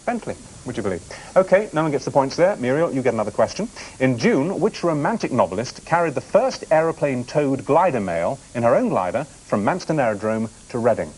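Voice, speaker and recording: A man's voice: medium pitch, big pitch swings, brisk, darkish tone, slight background noise, rough recording. A man hosting a TV quiz show in a studio, bantering and teasing the contestants between questions. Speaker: game show host.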